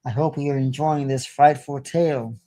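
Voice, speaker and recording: A man hosting a show and telling a horror story slowly and deliberately, with small stumbles now and then, into a close studio mic. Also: mid-range voice, steady tone, warm tone, no room sound. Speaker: host and storyteller.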